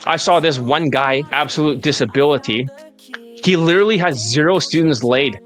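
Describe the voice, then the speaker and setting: Male dating coach, assertive and salesy, a bit high-pitched, ranty pitch over soft background music. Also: normal speed. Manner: assertive, salesy, turns into a rising rant. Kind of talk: sales pitch answering viewer questions.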